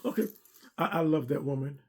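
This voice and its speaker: Gravelly, earnest man giving a testimony. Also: fairly high pitch, animated, a little fast. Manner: earnest, preacherly, repeats himself. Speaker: former armor bearer and driver to a pastor. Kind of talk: personal testimony talk.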